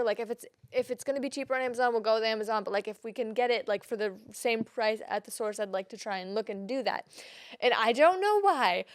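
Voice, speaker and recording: Chatty young woman, fairly high voice. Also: no echo, clean studio sound. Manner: animated storytelling, quotes herself in high emotional bursts. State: pregnant. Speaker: podcast co-host. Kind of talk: casual chat.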